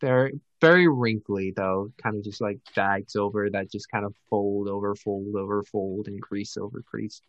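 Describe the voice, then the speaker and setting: A man's voice: on the low side, steady tone, normal speed, few pauses, no echo. Man narrating as game master, muffled mic. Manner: descriptive, hesitant with many ums.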